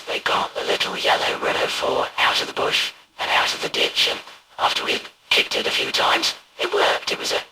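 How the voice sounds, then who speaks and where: A man voicing a hulking animatronic storyteller, rambling through a comic anecdote in a deep, gravelly voice. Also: exaggerated voice. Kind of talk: fan voice acting of a poem. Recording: loud hiss and noise.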